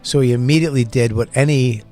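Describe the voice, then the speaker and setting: A man telling a wild story as a comedy podcast guest, animated, acting out shouted quotes and laughing often. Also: medium pitch, fast talker, soft background music. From Boston.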